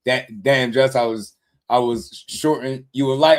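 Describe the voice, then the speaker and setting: A man hosting a casual boxing live stream, talking loose and slangy and shouting out viewers in the chat. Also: medium pitch, steady tone, normal speed.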